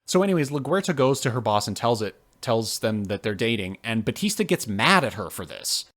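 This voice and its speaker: A man co-hosting a podcast, chatting casually and ranting with swearing and sudden jumps in pitch. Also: a little fast. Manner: animated, profane ranting with big pitch jumps. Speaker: podcast co-host. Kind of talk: casual podcast review chat.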